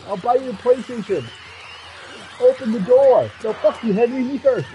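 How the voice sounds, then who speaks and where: A man streaming a video game, swearing, yelling and pleading at the screen in frustration. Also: extremely high pitch, moderate pace, a little hiss or hum. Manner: profane, yells and pleads at the game. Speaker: gamer streamer. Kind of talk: live gameplay commentary.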